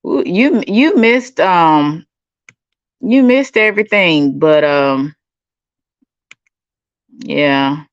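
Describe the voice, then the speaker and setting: She talks very slowly with long pauses, her lowish voice full of lively intonation. A middle-aged Texan from Dallas, she hosts a livestream, sassily chatting over viewer comments and calling people honey and baby, captured on a muffled recording with no room sound.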